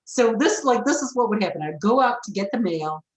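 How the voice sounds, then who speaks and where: Woman guest, frank, animated storyteller, mid-pitched, roomy echo. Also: brisk. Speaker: forgiveness expert guest. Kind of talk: storytelling in a podcast interview.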